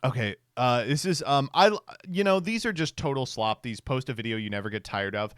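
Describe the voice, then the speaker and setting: Sarcastic streamer guy, pitch jumps all over, smooth clean voice, laughs a lot reading posts. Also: animated, fairly quick, fairly bright tone, no room sound, studio quality. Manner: sarcastic, laughs often, reads text aloud. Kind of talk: casual stream commentary.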